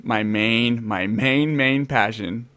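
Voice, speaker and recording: A man in his thirties from California talks in a loose, casual way. He tells stories with energy and acts out his own past lines. His pitch sits in the middle for a man. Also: slow, fairly bright tone, no room sound. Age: 30s. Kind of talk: casual chat.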